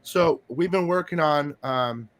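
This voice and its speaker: A man hosting a casual interview about comic collecting, chatty and excitable, coughing from allergies. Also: on the high side, a little slow. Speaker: host.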